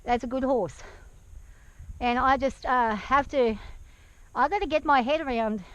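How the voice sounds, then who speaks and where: An anxious woman talking to camera while on horseback outdoors, hesitant and soft-spoken, speaking gently to her horse, recorded on a worn action camera. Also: high-pitched, unhurried, clear, resonant tone, dull audio. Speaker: nervous horse rider. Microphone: action camera worn by the rider.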